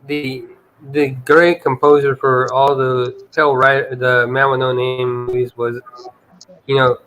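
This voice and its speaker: A man hosting a casual podcast chat, talking in a halting, easygoing way and often repeating words. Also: medium pitch, little pitch movement, a bit bright, low-quality recording.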